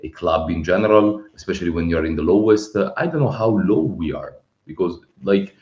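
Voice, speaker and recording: A man co-hosting a football podcast over a video call, his voice lively and swinging in pitch as he makes his points. He sounds a bit dull and roomy, as if he were in an echoey space. He talks emphatically and often repeats himself. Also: brisk. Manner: animated, emphatic, repeats words when stressed. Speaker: podcast co-host. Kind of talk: casual football podcast chat. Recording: roomy, slightly dull remote audio.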